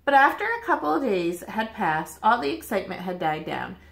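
A woman reading a children's picture book aloud with animated, expressive storytelling, in the manner of a teacher. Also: medium pitch, a little fast, vocal fry, slight background noise. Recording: roomy echo.

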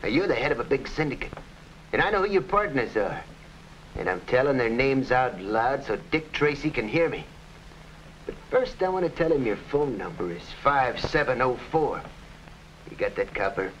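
A man's voice: medium pitch, very animated, moderate pace, fairly bright tone, slight background noise. A man playing a gloating, hard-boiled gangster boss in a 1940s radio drama, heard on a dull old recording. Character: scheming gangster boss Flat Top, grown man.

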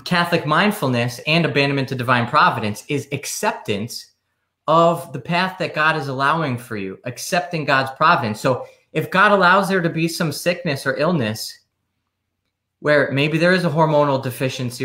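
Guy psychologist talking earnestly in an interview, bright voice, echoey room. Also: medium pitch. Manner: earnest, explaining at length with restarts. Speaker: psychologist and author, guest. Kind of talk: casual interview conversation.

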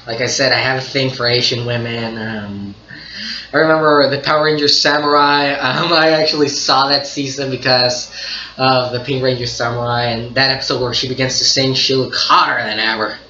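Excitable dude reacting to anime, laughs a ton, bright voice, muffled echoey room. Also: male voice, mid-range voice, moderate pace, slight background noise. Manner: excitable, laughs often, repeats himself. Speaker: anime reaction channel host. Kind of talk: casual reaction commentary. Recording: dull, echoey room recording.

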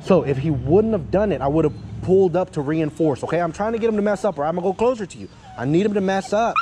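A chatty male dog trainer coaching an owner outdoors. His voice sits a little high and sounds warm and mellow, with faint traffic in the background. He keeps checking in with "yeah?" and "okay?" and drops curses casually. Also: fast talker, few pauses, poor audio. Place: outdoors by a parking area with cars.

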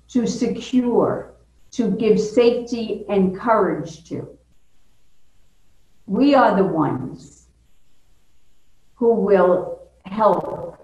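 A woman giving a gentle, exhorting spoken meditation to her listeners. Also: medium pitch. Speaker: religious sister giving a reflection. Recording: echoey dull-sounding room.

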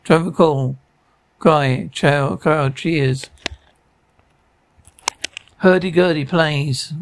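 A man's voice: on the high side, very slow, a little hiss or hum. A man reading out comedy sketches and describing the sound effects between them in a plain manner, with occasional stumbles.

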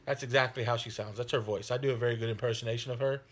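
A man's voice: medium pitch, steady tone, very fast, slight background noise. A man hosting his hobby channel, chatting in a rambling, friendly way with many fillers. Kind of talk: casual chat.

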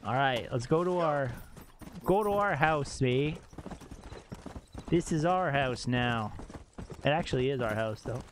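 Animated, exclaiming young streamer guy. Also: medium pitch, unhurried, long pauses, a little hiss or hum. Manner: exclamatory, swears often, talks to chat. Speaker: game streamer. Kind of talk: live gameplay commentary.

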